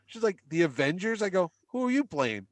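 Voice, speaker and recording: A middle-aged man, a podcast guest, tells a long anecdote in casual chat, animatedly acting out the voices of people he met. His voice is high and a little fast, with no room sound.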